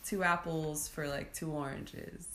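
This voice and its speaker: A woman's voice: low voice, fairly even intonation, measured pace, a bit bright. A young woman co-hosting a podcast in casual chat, giggling, swearing and bantering. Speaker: podcast co-host. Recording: echoey room, faint background noise.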